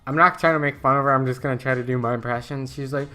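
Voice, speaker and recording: A man's voice: mid-range voice, fast, hardly any pauses, pushed and bright, soft background music. A young man streaming a game, telling a story casually, with many fillers and restarts. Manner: rambling, filler-heavy, lots of restarts. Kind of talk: casual storytelling while gaming.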